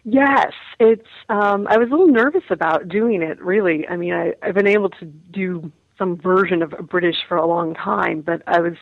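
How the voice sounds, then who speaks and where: A woman's voice: lowish voice, normal speed, hardly any pauses, no echo, narrow, tinny audio. A woman, an actress, chatting in an interview, laughing often and restarting her words. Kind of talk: casual interview chat.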